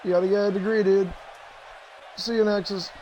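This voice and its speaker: With a high, dark-toned voice that barely moves in pitch, this young man talks a little fast over some background chatter and slight noise. He's running an online wrestling league on livestream, lining up matches and swearing impatiently and bossily at whoever shows up late.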